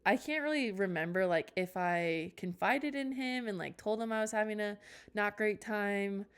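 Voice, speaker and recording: A young woman with a medium-pitched, clear and resonant voice hosts a podcast at a normal pace. She tells a rambling, casual storytime full of tangents and self-mocking asides.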